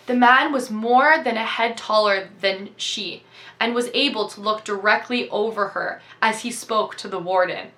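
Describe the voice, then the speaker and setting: Woman storyteller, bright and crisp, reading aloud with steady expression. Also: mid-range voice, moderate pace. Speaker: reader.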